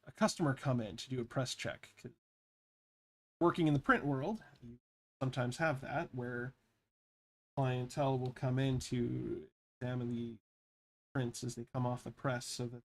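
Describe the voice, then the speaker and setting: A man's voice: mid-range voice, steady tone, moderate pace, pauses often. Rambling, laid-back man sketching sprites. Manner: rambling, swears freely, laughs at own stories. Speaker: pixel artist and vlogger. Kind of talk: casual chat while drawing.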